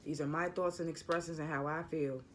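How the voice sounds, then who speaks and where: A man with a notably high voice talks through a TV episode in a loose, rambling way. He stutters and doubles back on his words often, keeping it casual and unscripted. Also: fairly even intonation, fairly quick, background noise. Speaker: TV episode reviewer. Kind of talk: casual spoiler recap.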